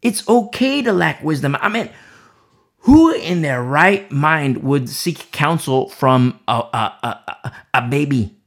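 A male preacher with a gravelly, husky voice delivers his sermon at an unhurried pace. His pitch swings widely as he stresses his points. He repeats his key lines and speaks as if to a single listener. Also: lively intonation. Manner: repeats key phrases for emphasis; addresses listener directly and personally.

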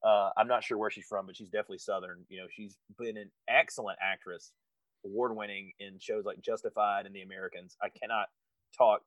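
A man's voice: lowish voice, steady tone, fairly quick, a bit bright, no echo, muffled recording. A man on a casual movie review podcast, earnestly critiquing a film's acting. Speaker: podcast co-host.

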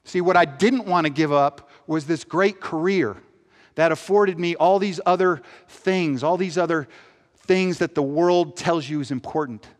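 A man shares a personal testimony in a voice pitched a little high, earnest throughout. He moves from upbeat energy to hushed, heavy reflection. The sound carries a long reverb, as in a large hall. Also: measured pace. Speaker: speaker giving a testimony.

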